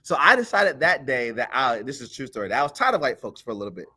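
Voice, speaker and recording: A man on a podcast telling a childhood story in a casual, animated way, acting out the voices of the people in it. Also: mid-range voice, quick pace, husky. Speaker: podcast co-host.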